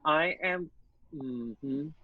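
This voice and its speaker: A man taking his turn in a tabletop game, speaking in a slow, halting way with laughter between words. His voice is a little higher than average and comes through a dull, lo-fi mic. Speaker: player. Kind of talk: casual chat.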